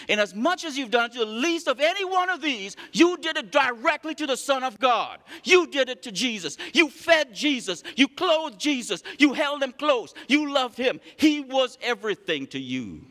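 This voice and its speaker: A man preaching a sermon, reading scripture aloud and acting out the voices of the people in the story with lively, animated delivery. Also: extremely high pitch, normal speed, long reverb tail. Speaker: pastor.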